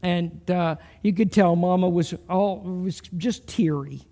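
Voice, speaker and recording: A middle-aged man preaching a sermon, telling a story slowly and earnestly with soft pauses before leading a prayer. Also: high-pitched. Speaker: pastor.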